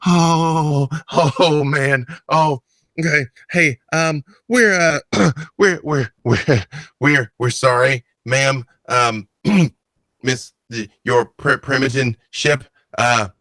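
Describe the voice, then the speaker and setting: A man's voice: medium pitch, very slow, sharp tone, no echo, recorded from a distance, exaggerated voice. A man voicing a panicked male thug who stammers and begs for his life in a tabletop game. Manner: stammering, frantic repetition.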